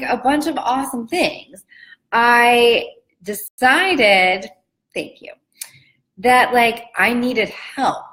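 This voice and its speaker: A woman's voice: medium pitch, fairly bright tone, rough recording. A woman in her thirties who works as a business coach, telling her own story in a casual, chatty way and saying "like" often. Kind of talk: casual personal talk.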